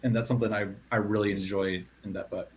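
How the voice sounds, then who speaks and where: A man on a podcast panel, reflecting casually, with his sentences trailing off softly at the end. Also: fairly low pitch, little pitch movement, quick pace.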